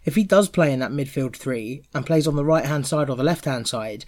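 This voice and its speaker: A man's voice: mid-range voice, a little fast, a little mellow. A man with a mid-range voice chats on a football podcast. He gives long run-on opinions and repeats his words to drive points home. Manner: chatty, repeats words when stressing a point. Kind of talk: casual football podcast chat.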